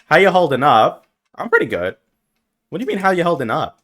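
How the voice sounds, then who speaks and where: A young man streaming as a VTuber, chatting casually with his viewers and jumping from mumbled asides to loud yelps. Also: medium pitch, big pitch swings, normal speed. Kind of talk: casual live-stream chat.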